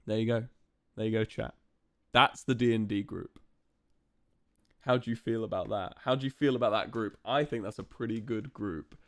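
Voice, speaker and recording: A man's voice: fairly low pitch, fairly even intonation, normal speed, fairly bright tone, no room sound. A young man streaming live, chatting casually and playfully to his viewers with lots of fillers.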